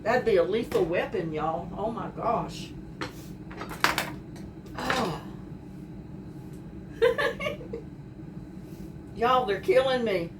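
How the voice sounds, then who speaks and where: A woman's voice: mid-range voice, slow, long pauses. A woman chatting homily to viewers while cooking, heard through a camera mic set back in her home kitchen. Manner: chatty, homey, addresses viewers directly. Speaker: home cook vlogger. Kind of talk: casual cooking demonstration. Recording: echoey kitchen, distant noisy mic.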